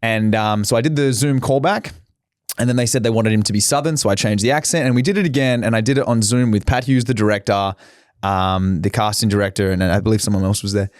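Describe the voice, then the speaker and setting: A man's voice: fairly low pitch, fairly even intonation, fast talker, dry recording, studio quality. A young man, an actor, telling candid stories in a casual interview and acting out the quotes. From Australia. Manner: candid storytelling with swearing and acted-out quotes. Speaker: actor guest.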